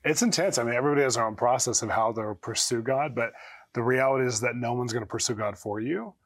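A man guest on a faith talk show, telling personal stories and acting out his own inner voice. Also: mid-range voice. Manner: fast, animated, acts out his own quoted inner voice. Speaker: guest, prophet. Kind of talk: storytelling in a talk-show interview.

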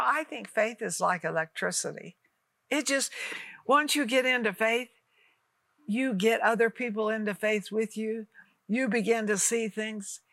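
A woman in her eighties preaches and prays on television, speaking directly to viewers in a fervent, coaxing way. Her fairly high voice is bright and forceful, and the recording is dry.

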